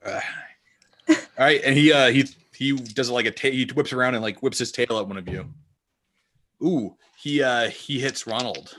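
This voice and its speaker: A man narrating a tabletop game as game master, lively and full of sound effects. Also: medium pitch, normal speed.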